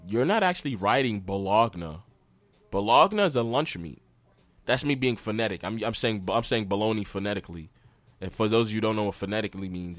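Young male podcast host, slightly low voice, blunt slangy rambling with constant restarts. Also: fairly bright tone, no echo. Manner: loose and repetitive, restarts often, slangy and blunt. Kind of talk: casual solo podcast rant.

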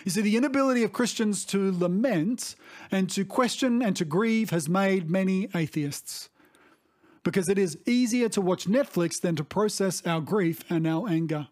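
A middle-aged man preaching a sermon as a pastor, earnest and reflective, often pausing to restate himself. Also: high-pitched, darkish tone. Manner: earnest, reflective, with frequent restarts and "you see".

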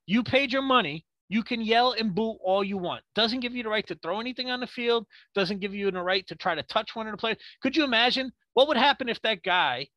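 Guy from new york going off on a sports podcast, high bright voice, swears a lot, dry close mic. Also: expressive, no room sound. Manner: profane, ranting, rapid rhetorical questions. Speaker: podcast co-host. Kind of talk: heated sports podcast rant.

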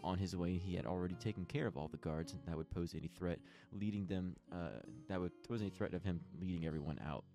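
Deep-voiced man narrating a tabletop game. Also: fairly even intonation, fast, few pauses, warm tone. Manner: reads descriptions with small stumbles and restarts. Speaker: game master. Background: plucked guitar music.

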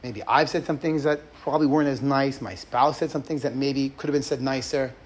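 A man's voice: medium pitch, steady tone, a little fast, a little hiss or hum. A middle-aged man hosting a podcast, talking earnestly and conversationally about marriage and acting out short example quotes. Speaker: rabbi and podcast host. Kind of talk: podcast teaching talk.

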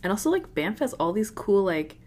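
A woman's voice: mid-range voice, very animated, brisk, a little mellow. A woman co-hosting a book podcast, chatting casually with many filler words. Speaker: podcast co-host.

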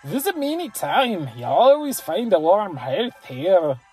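A player voicing a pompous old lord from a fantasy game, with a deliberately bad mock burr and slow, drawn-out phrasing. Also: mid-range voice, a little mellow, husky, soft background music.

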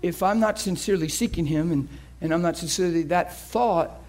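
A man preaching a sermon, telling a story with animated energy that swings from hushed to shouting. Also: on the high side, a little fast. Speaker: pastor.

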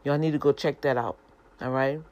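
Middle-aged woman, deep voice, informal animated preacher. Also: a little fast. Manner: conversational, animated, addresses listeners as y'all.

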